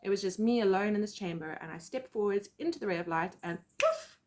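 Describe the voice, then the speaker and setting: A woman with a South African accent telling personal stories as a psychic medium, animated and acting out quotes. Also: medium pitch, a little fast. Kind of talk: casual storytelling vlog.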